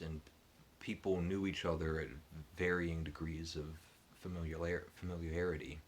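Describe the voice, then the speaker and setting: A man's voice: deep voice, fairly bright tone, a little hiss or hum. A man telling a casual story as a book vlogger, hesitant, often stammering and restarting words. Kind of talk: casual reminiscence.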